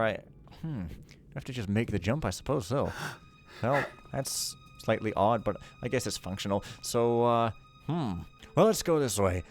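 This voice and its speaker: Man, casual gameplay commentary, rambling and jokey, mid pitch, faint music behind. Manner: rambling, jokey, self-mocking. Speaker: let's play host.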